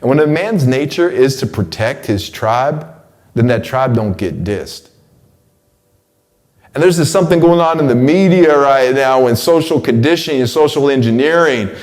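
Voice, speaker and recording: A man in his forties giving a casual spoken monologue, slangy and stumbling over repeated words, his voice climbing when he gets excited. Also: medium pitch, normal speed. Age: 40s. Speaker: host delivering a weekly message.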